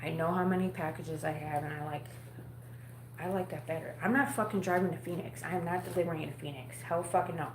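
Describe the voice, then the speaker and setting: A woman rambles bluntly to her live-stream viewers, cursing freely. Her voice sits a little low, and the room around her is echoey, with a faint hum behind it. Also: steady tone, fast talker. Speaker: vlogger talking to a live audience. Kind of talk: casual live-stream chat. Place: home at night.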